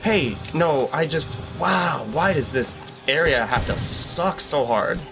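A fairly high, lively male voice full of sudden yelps and exclamations. He jokes his way through a video game in let's-play commentary, talking at an unhurried pace over clear game music. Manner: excitable, jokey, yelps and exclaims while playing. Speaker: gaming channel host.

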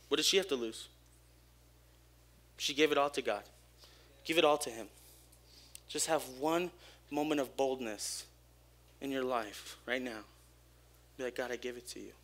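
Bright-voiced young man preaching casually. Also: medium pitch. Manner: energetic, joking, openly personal. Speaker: church speaker. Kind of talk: casual youth sermon. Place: church service.

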